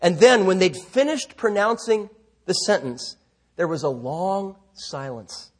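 A middle-aged male pastor preaches in a relaxed, conversational way, with self-deprecating asides. He then slips into telling a vivid story. His voice is husky and sits fairly high. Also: unhurried. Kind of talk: sermon with storytelling.

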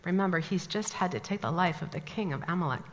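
A woman from the American Midwest teaching a Bible study, telling stories with lively asides. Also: lowish voice, quick pace. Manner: animated storytelling, lively asides. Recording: long hall reverb.

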